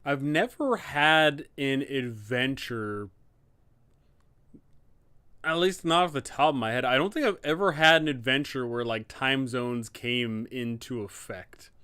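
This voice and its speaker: A man's voice: mid-range voice, unhurried, sharp tone, clear, resonant tone, no echo. A man, a dungeon master hosting a live Q&A stream, chatting casually and rambling. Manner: rambling, lots of fillers and restarts.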